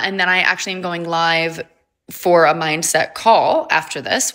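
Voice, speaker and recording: A woman's voice: fairly low pitch, sharp tone. A woman, chatting casually and upbeat on a livestream and laughing often. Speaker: livestream host.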